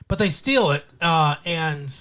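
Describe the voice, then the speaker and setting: Male podcast co-host, slightly higher pitch, loose and profane casual storyteller. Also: animated, slow pace, bright, forceful tone. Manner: loose and profane, with frequent fillers and laughs. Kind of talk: casual chat retelling a movie plot.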